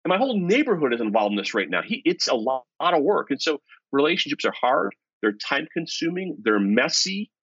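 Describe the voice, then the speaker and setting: Husky guy telling a story, gets loud and excited then quiets down, dry slightly muffled audio. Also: a little high, brisk, no echo. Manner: energetic, swings between hushed asides and excited emphasis. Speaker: author and guest. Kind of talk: animated storytelling.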